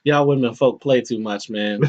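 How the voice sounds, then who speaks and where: A man co-hosting a podcast, telling stories in a casual, animated, slangy way. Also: medium pitch, measured pace. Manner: animated, slangy, says "yo" a lot. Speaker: podcast co-host. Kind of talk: casual chat, storytelling. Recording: dull lo-fi podcast audio.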